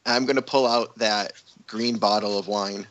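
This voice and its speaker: A man in a tabletop game playing his character with a playful, chuckling manner and a husky voice. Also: on the low side, steady tone, normal speed, fairly bright tone. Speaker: player. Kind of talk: tabletop role-play.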